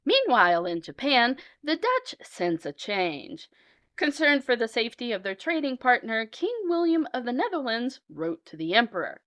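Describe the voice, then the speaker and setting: Animated woman telling a comic tale. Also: a little high, normal speed. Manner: animated, playful, punchy. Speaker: storyteller. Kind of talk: comic kodan storytelling.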